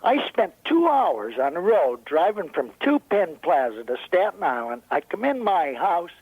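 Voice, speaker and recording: A man's voice: high-pitched, big pitch swings, normal speed, husky, no room sound. A man calling a radio show, complaining in an exasperated rant. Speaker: caller. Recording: muffled phone line.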